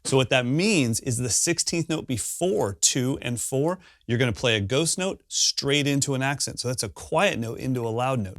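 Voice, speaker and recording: A man's voice: medium pitch, no echo, studio quality. A man teaching a drum lesson from his kit, counting beats aloud and scatting drum sounds in an upbeat, self-mocking way.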